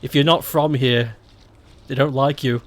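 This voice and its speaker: A young game streamer from Stoke-on-Trent, England, chats casually on a live stream, swearing freely, laughing often, and rambling candidly. His medium-pitched voice has fairly even intonation and a slightly slow pace.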